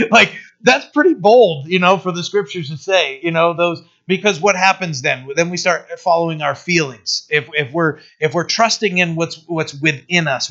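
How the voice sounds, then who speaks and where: Male pastor giving a chatty sermon, asks the crowd stuff, forceful voice, dull lo-fi audio. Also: fairly high pitch. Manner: conversational, asks the congregation questions. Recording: dull lo-fi recording.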